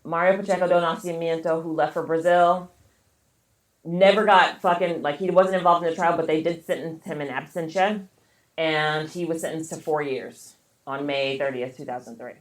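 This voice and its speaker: Low-voiced woman casually telling a story. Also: steady tone, normal speed, roomy sound. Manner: casual, profane storytelling with many fillers. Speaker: podcast co-host. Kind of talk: casual chat.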